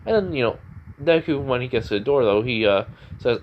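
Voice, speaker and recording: A man's voice: medium pitch, animated, fairly quick, muffled recording, slight background noise. A man casually retelling a fan story, rambling along with lots of "you know" and "like". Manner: rambling, full of fillers and restarts.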